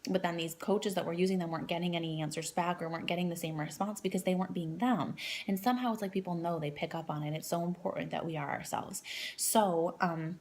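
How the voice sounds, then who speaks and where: A woman's voice: lowish voice, fairly even intonation, fast, a little mellow, slight background noise. A woman in her thirties giving a casual training talk to new coaches, rambling with lots of fillers and restarts.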